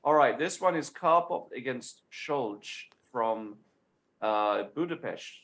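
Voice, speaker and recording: A man's voice: mid-range voice, expressive, takes it slowly, a bit bright. A man coaching a chess tactics lesson, explaining step by step and often checking in with his student.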